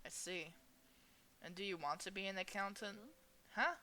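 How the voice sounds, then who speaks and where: A young woman reading a visual novel aloud as a gaming host, expressive and playful as she voices each character. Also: medium pitch, normal speed. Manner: expressive, reads each character's lines with shifting energy.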